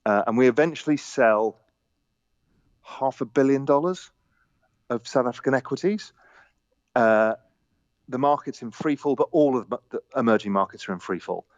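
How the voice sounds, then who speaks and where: A man telling stories on a podcast as a guest, animated, laughing, quoting the people in them. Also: mid-range voice, normal speed, long pauses, no echo, highs cut off. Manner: animated anecdotes with laughter and quoted dialogue. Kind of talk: casual storytelling.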